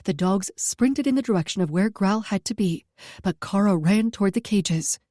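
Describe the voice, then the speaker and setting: A woman reading a first-person story aloud at a steady pace, close to the mic. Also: mid-range voice, normal speed, dry recording. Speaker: audiobook narrator.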